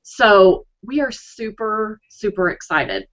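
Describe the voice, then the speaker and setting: A woman's voice: mid-range voice, lively intonation, slow, a bit bright. A woman co-hosting a blogging webinar in a casual, upbeat, chatty way, often restarting her sentences. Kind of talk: casual live webinar chat. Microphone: video call. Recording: dull lo-fi video call audio.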